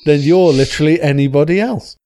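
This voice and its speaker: A man's voice: a little high, quick pace, dark tone. A man hosting a podcast in casual chat, jokey and rambling, laughing often. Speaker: podcast host.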